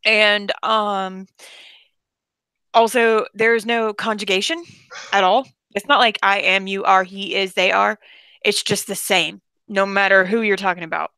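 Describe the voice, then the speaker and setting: Blunt, joking woman with a bright voice. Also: medium pitch, fairly even intonation, unhurried, smooth, no room sound. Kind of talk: casual chat.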